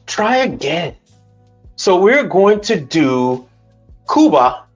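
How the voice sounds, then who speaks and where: A man's voice: fairly high pitch, lively intonation, measured pace, muffled recording, soft background music. A middle-aged man hosting a livestream, talking bluntly with lots of cursing and arguing back at his chat. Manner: blunt, profane, argumentative, talks back to chat. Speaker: livestream host. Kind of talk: casual livestream rant. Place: Houston, Texas.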